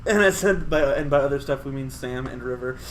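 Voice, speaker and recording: A man's voice: medium pitch, brisk, fairly bright tone, a little hiss or hum, poor audio. A man co-hosting a casual podcast among friends, joking and swearing, laughing often. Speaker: podcast co-host. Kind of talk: casual chat.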